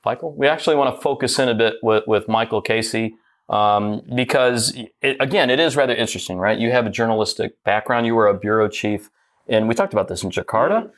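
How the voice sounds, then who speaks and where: A man's voice: on the low side, animated, a little fast, fairly bright tone. A man from Detroit hosting a podcast, chatting casually and joking with his panel. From Detroit, USA. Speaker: podcast host.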